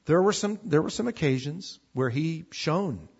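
A male preacher delivers a sermon in a chatty, storytelling way, slipping into voices for the people in the passage. His husky voice sits somewhat higher than a typical man's. The recording is dull and lo-fi. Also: animated, a little slow, darkish tone. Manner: conversational, acts out scripture dialogue.

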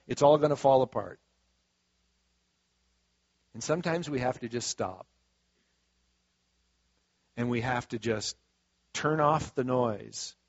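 A male preacher giving a sermon in a folksy, conversational way, swinging between soft asides and loud emphatic stretches. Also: mid-range voice, no echo. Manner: folksy and conversational, acting out quoted voices. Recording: dull, dry lo-fi sound.

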